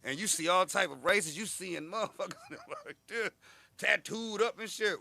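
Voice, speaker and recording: A man in his thirties, a guest comedian telling animated, profane stories in a casual interview and acting out the people in them. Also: high voice, normal speed, creaky. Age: 30s. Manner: animated, profane storytelling with acted-out quotes.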